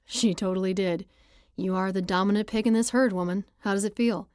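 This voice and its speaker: A woman playing a confident young male hockey player in an audiobook, teasing and steady in delivery. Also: mid-range voice, brisk, clear, resonant tone, no room sound, studio quality, close to an everyday voice.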